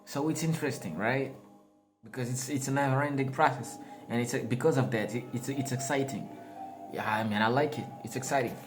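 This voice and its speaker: A man's voice: mid-range voice, fairly quick. A man giving a casual, rambling spiritual talk, slangy and often laughing at his own jokes. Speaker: spiritual vlogger. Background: background music.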